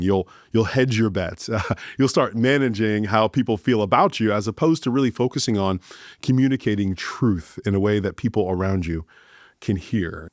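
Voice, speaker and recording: A man hosting a leadership talk, speaking deliberately and emphatically and slowing down for key points. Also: fairly low pitch, a little mellow, no echo, studio quality. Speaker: host.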